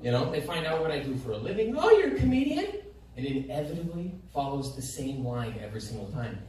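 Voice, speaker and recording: A man's voice: mid-range voice, lively intonation, fast, a little mellow, heavy reverb, distant mic, slight background noise. A man doing stand-up, telling a profane, exasperated story from a comedy club stage. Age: adult parent. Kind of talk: stand-up set.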